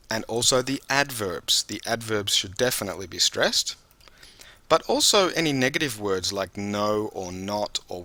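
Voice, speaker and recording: A man's voice: on the low side, sharp tone, no echo. A man teaching a video lesson on reading aloud for an English speaking test, explaining patiently and talking straight to the viewer.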